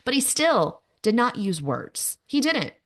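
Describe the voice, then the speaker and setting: A woman's voice: fairly high pitch, big pitch swings, measured pace, a bit bright. A woman in her thirties hosting a podcast, telling personal stories candidly with self-mocking asides. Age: 30s. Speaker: podcast host. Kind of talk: personal monologue.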